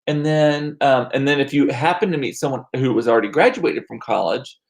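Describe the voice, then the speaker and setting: A man's voice: mid-range voice, brisk. A man in his forties chatting casually with his stream viewers, telling rambling stories full of asides and restarts. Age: 40s. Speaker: livestream host reading chat.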